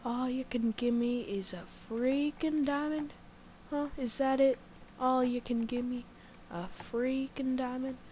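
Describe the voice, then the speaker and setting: An excitable woman with an Indian accent narrates her game in a slow, drawn-out way, her voice sitting fairly high. She drops into muttered whispers to herself, then bursts out loud. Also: slight background noise. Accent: Indian English. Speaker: gamer. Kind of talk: let's-play commentary.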